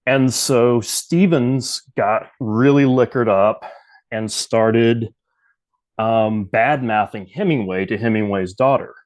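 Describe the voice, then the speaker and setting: A man's voice: medium pitch, slow pace, darkish tone. Man telling a story casually. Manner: loose, rambling, many fillers.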